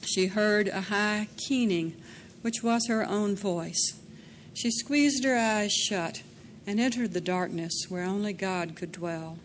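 Woman, audiobook narrator, measured dramatic reading, mid-pitched voice. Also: a little hiss or hum.

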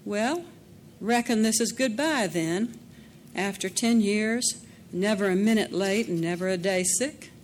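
A woman voicing a proud, steady husband who speaks calmly and firmly, in an audiobook reading. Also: medium pitch, measured pace, a little hiss or hum, close to an everyday voice. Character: steady, proud working man, husband and ex-soldier.

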